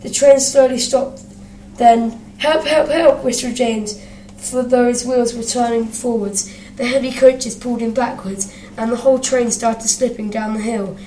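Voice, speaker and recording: A woman reading a children's storybook aloud, expressive and doing character voices. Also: fairly high pitch, moderate pace, a little hiss or hum. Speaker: narrator. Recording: echoey room, distant mic, faint ambience.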